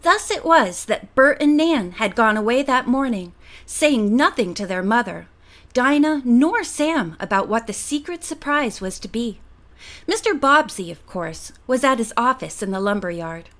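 Woman narrator for a kids' audiobook, higher voice, very lively reading. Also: moderate pace. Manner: expressive storytelling. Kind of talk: reading a children's book aloud.

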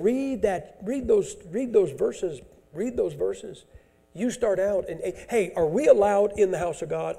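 A male preacher delivering a folksy sermon, dropping to hushed asides and rising to loud, emphatic scripture reading. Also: fairly high pitch, vocal fry.

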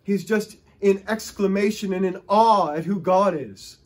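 A male pastor preaches with real fervor, urging his congregation on and sometimes tripping over his words on purpose to show excitement. His voice sits a little high for a man and carries a husky edge. The setting is a church sermon. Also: a little slow. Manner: impassioned, exhorting, acts out stuttering excitement.

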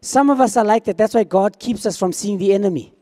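A man's voice: high-pitched, fast, mellow, big-room sound. A man preaching a sermon as pastor, talking conversationally and acting out quoted dialogue.

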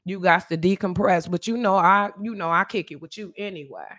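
A woman's voice: fairly low pitch, fairly quick, fairly bright tone. A woman hosting a casual livestream podcast, greeting viewers by name and trash-talking with blunt slang. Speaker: podcast host.

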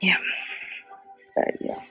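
A woman's voice: extremely slow, bright, forceful tone, whispered, soft background music, low-quality recording. A young woman vlogging at home, telling an emotional, faith-filled story in casual chat.

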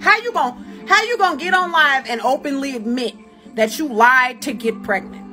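A young woman tears into someone on her livestream, cursing and insulting without pause. Her voice sits high and comes across sharp and bright, and faint music plays behind her. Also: lively intonation. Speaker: livestream host. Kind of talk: angry ranting commentary.

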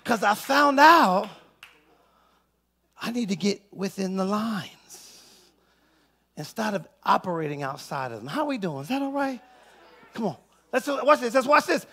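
A male pastor preaching a sermon, calling out to his congregation and getting them to answer back, building up to shouted peaks. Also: high voice, big pitch swings, a little slow, long pauses. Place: church sanctuary.

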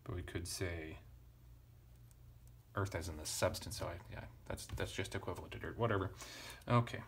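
A man teaching ancient Greek grammar at a relaxed pace, thinking aloud and correcting himself with casual asides. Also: low-pitched, normal speed, a little hiss or hum. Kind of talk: relaxed verse-by-verse parsing lesson.

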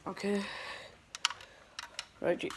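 Woman vlogger, unhurried and halting, fills gaps with ums, recorded on a phone in a small shut room. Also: heavy background noise. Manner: hesitant, rambling with many fillers. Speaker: toy unboxing vlogger. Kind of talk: casual unboxing chat.

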